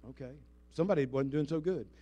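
A man preaching a sermon as pastor. He leads the congregation in call-and-response and swings between booming emphasis and hushed asides. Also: fast talker, highs cut off. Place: church sanctuary before a congregation.

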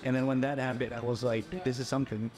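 A young man from the Philippines, a podcast guest telling a personal story in a casual, animated way and acting out the voices of people he quotes. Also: medium pitch, fast talker, music in the background.

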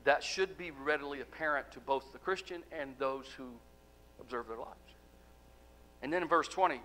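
A man preaching a sermon as pastor, asking the congregation rhetorical questions and letting key words fall soft. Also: mid-range voice, animated, normal speed, poor audio. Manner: emphatic, rhetorical questions, drops to soft endings.

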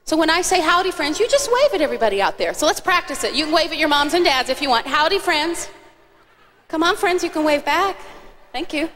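Bright-voiced woman on a reverberant stage. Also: high voice, animated, brisk. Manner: cheerful, coaxing, directing children. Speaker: singer leading a children's song on stage. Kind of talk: live concert stage banter. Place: large church auditorium. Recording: long hall reverb, faint audience noise.

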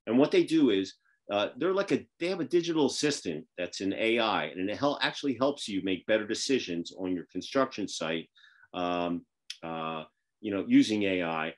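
A man's voice: fairly low pitch, lively intonation, moderate pace. A man from the Northeastern United States hosting a casual video call show, rambling in a folksy way with lots of fillers. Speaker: podcast host.

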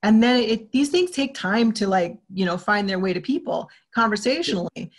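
Brief: talkative woman guest, mid-pitched, animated, chatty interview voice. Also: moderate pace. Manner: animated, talkative, acts out quoted exchanges. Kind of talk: casual interview talk.

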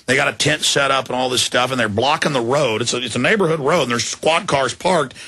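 A male talk radio host with a gravelly, bright, forceful voice tells an indignant story. He rambles and restarts his sentences and sounds tired after a long broadcast. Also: mid-range voice, a little fast. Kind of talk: interview, telling a personal story.

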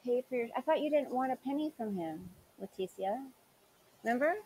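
A woman's voice: fairly high pitch, expressive, a little fast, darkish tone, slightly rough, low-quality recording. Sarcastic woman scolding in commentary. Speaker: commentary channel host. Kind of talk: commentary on clips.

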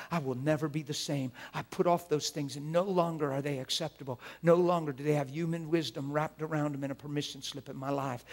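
A man preaches with a husky, somewhat high voice. He models prayer aloud, dropping to near whispers and then rising into loud, fervent declarations.

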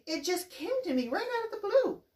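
A woman voicing an excited, hopeful mother rat who gushes in a high voice. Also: fairly quick, echoey room, recorded from a distance.

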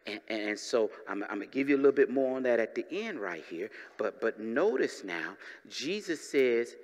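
A man preaching a sermon as pastor, lively and humorous, tossing asides to the congregation. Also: mid-range voice, moderate pace, big-room sound.

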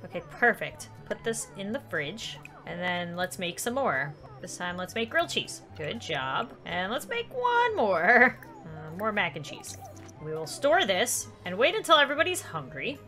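A woman hosting a let's play, commenting excitably with lots of exclamations and laughter. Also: on the low side. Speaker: gaming channel host.

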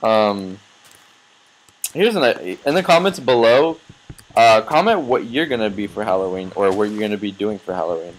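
A man's voice: on the low side, expressive, normal speed, rough recording. An eighteen-year-old man giving casual, rambling gameplay commentary, swearing and yelping when startled.

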